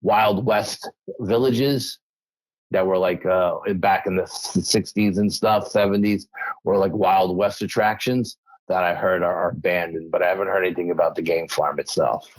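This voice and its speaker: A man's voice: low voice, normal speed, no echo, poor audio. A middle-aged man from New York State, a guest in an interview, telling stories with lots of fillers and restarts. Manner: animated storyteller, many fillers and restarts. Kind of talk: casual storytelling interview.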